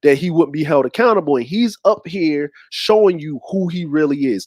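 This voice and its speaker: A man's voice: on the high side, expressive, moderate pace, hardly any pauses, no room sound, clean studio sound. Slangy male show host. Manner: slangy, rambling, talks straight to the audience. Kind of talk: casual commentary.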